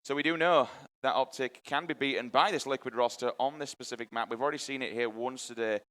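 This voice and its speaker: A man doing live play-by-play commentary at an esports event, energetic and hyping up the crowd. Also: mid-range voice, quick pace. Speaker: esports caster.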